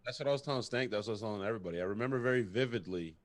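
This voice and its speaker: A man's voice: fairly low pitch, very fast, no echo. A man co-hosting a sports podcast, teasing and pressing his caller with questions. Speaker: podcast co-host. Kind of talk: casual chat.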